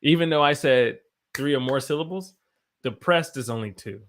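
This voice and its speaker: A man's voice: mid-range voice, moderate pace, a bit bright. A man with an American accent teaching English on a live stream, reading viewer comments aloud and exclaiming about quirks of the language.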